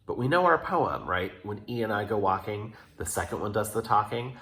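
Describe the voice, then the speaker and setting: A man with a fairly low voice walks students through a grammar point at a whiteboard. He is patient and methodical and leans hard on key words. The sound is roomy, with classroom echo around him. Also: lively intonation, moderate pace, few pauses, a bit bright. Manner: patient, explains step by step with emphatic stress. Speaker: German teacher. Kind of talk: classroom lesson explanation.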